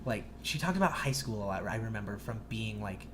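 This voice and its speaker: A young man co-hosting a podcast, telling a long story in a rambling, profane, animated way. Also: on the low side, brisk, background noise. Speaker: podcast co-host. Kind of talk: casual storytelling chat.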